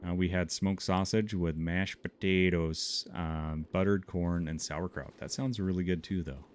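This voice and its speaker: A man's voice: sits low, fairly even intonation, a little slow. A man with a Minnesotan accent, chatting casually with his chat while streaming a game, laughing often. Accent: Upper Midwestern (Minnesotan). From Montana, USA. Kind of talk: casual gameplay commentary.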